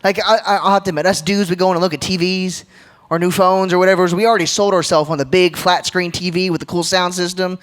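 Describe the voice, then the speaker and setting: Upbeat man with a high voice, church talk, keeps asking the crowd questions. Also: fairly even intonation, quick pace, fairly bright tone. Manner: jokey, engages crowd with questions. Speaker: church leadership speaker. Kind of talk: live church leadership talk. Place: church gathering, live audience.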